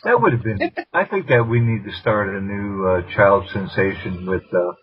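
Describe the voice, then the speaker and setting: A man's voice: lowish voice, animated, moderate pace, a little hiss or hum. A man co-hosting a podcast, dropping dry interjections in casual chat. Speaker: podcast co-host. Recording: distant, dull lo-fi mic.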